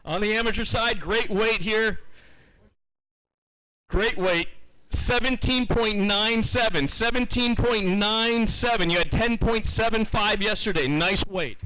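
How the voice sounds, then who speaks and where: At an outdoor fishing tournament weigh-in, a man emcees the live event in a high, bright, forceful voice, speaking unhurriedly. Upbeat and chatty, he reads each weight out twice, though the recording quality is low.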